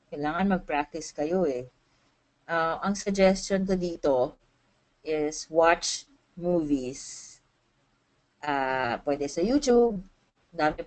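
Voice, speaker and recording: Chatty Filipino woman, lowish voice. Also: darkish tone, rough recording. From Philippines. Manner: chatty, laughs often, full of fillers. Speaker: webinar speaker, freelance transcriber. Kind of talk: casual talk mixing Tagalog and English.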